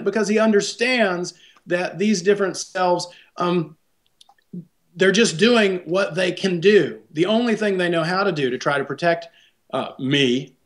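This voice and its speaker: A man, a psychologist guest, explaining ideas thoughtfully in an interview and often checking in with a tag question. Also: high-pitched.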